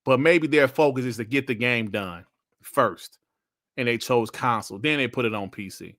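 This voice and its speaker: A man's voice: mid-range voice, normal speed, a bit bright. A man hosting a casual gaming podcast, ranting bluntly with plenty of slang and swearing. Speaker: podcast host.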